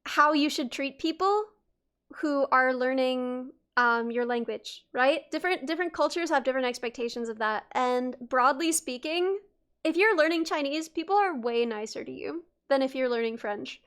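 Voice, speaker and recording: A woman's voice: high voice, normal speed, fairly bright tone, clear, resonant tone. A young woman livestreaming, chatting casually with her viewers in a rambling way, with lots of restarts and fillers and frequent laughs. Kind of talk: casual chat with stream viewers.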